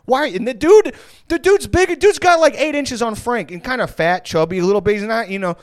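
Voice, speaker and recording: A man hosting a podcast who tells a story in a casual, rambling, profane and animated way. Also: very high voice, a little fast, no echo, studio quality.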